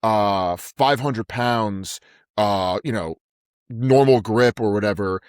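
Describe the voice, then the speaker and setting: A man's voice: fairly low pitch, takes it slowly, smooth, dry recording, clean studio sound. A man co-hosting a podcast, talking in an emphatic way, repeating words and calling his co-host "dude". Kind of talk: casual chat.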